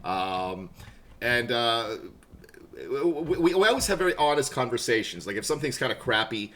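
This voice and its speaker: A man's voice: medium pitch, very animated, moderate pace, sharp tone. Chatty self-mocking man streamer. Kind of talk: casual live-stream chat.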